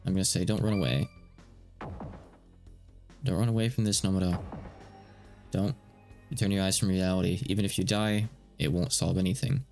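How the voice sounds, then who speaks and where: Man doing a steady police negotiator, deep and gravelly, slow coaxing instructions, live game translation. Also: faint music behind. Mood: urging.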